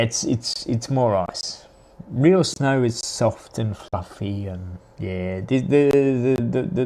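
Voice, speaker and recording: A man's voice: medium pitch, darkish tone. Aussie guy chatting on a live stream, rambly, keeps restarting sentences. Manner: rambling, halting, with many restarts. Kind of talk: casual chat answering viewers.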